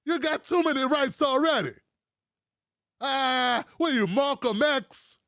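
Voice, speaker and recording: A man's voice: extremely high pitch, a little slow, pushed and bright, no echo, studio quality, exaggerated voice. A man mimicking a brash, crude old-school male boss who keeps asking what's wrong in mock innocence. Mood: mock-innocent.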